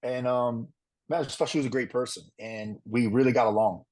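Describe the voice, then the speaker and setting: A man answers interview questions at a quick clip. His voice is husky, and he rambles, doubling back and restarting his sentences. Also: mid-range voice, steady tone, a little mellow, low-quality recording. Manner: fast, rambling, with many restarts and fillers. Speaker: reality competition contestant. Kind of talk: casual interview.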